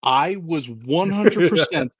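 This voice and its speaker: Male co-host, a touch high, animated self-mocking rants, dry lo-fi recording. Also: takes it slowly, slightly rough, dry recording. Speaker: podcast co-host. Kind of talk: casual movie ranking chat.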